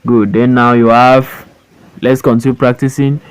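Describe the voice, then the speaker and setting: A man's voice: mid-range voice, level tone, normal speed, smooth, low-quality recording. A man teaching a phonics lesson, stretching words out syllable by syllable and repeating them for learners. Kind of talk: slow classroom phonics lesson. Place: voice-over for an online lesson.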